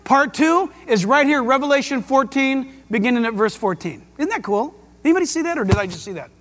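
A man preaching a sermon as pastor, emphatic and excitable, with jokes and rhetorical questions. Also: extremely high pitch, a little fast. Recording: long hall reverb.

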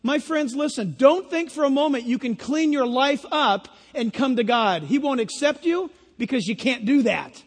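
A man preaching a sermon, lively and animated, acting out little voices and laughing at his own jokes. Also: extremely high pitch, moderate pace, hardly any pauses. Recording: long hall reverb.

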